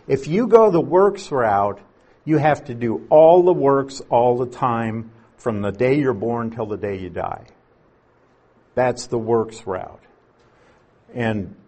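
Slow, husky-voiced male Bible teacher. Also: mid-range voice, a little mellow. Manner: patient, explanatory, leans on key words. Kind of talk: expository sermon.

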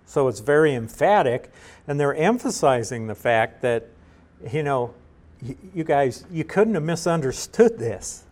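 A middle-aged man teaches from scripture at an unhurried, explanatory pace. His voice sits at an ordinary middle pitch, and he often pauses on fillers and restarts his sentences. He reads passages aloud and then walks through what they mean. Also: lively intonation, darkish tone. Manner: measured, explanatory, with frequent uhs and restarts. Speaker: Bible teacher. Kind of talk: verse-by-verse Bible teaching.

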